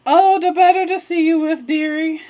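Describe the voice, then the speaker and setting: A woman voicing a sly male wolf who fakes a frail grandmother's voice, slow, sugary and drawn out. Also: extremely high pitch, steady tone, darkish tone, pitched above the performer's own voice.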